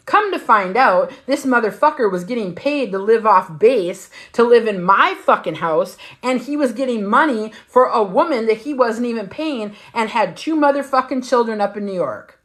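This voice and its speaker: A woman's voice: on the high side, lively intonation, normal speed, hardly any pauses, a bit bright. A middle-aged woman hosting a livestream, telling a story in a casual, emphatic way full of profanity. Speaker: livestream host.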